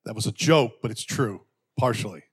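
A pastor telling a personal story from the pulpit, acting out voices in a raised pitch and sinking to quiet, intimate passages. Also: male voice, moderate pace, husky. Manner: animated, acts out quotes in a raised pitch. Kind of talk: sermon storytelling.

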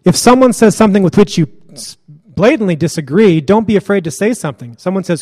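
A man's voice: high voice, very animated, fairly quick, in a large hall. A man preaching a sermon in a casual, joking and blunt way.

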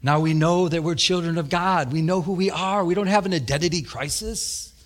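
Earnest male pastor preaching. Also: a little fast. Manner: earnest preaching that rises in pitch for emphasis, with frequent repetitions. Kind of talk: sermon.

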